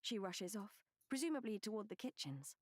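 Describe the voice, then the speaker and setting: A woman reading a first-person novel as an audiobook narrator, measured and expressive. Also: mid-range voice, no room sound.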